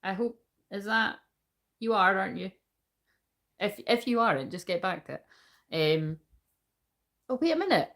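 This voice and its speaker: A tarot reader livestreams a card reading, chatting casually with viewers and the chat and swearing freely. Her mid-range, slightly bright voice moves at a moderate pace, broken by long pauses.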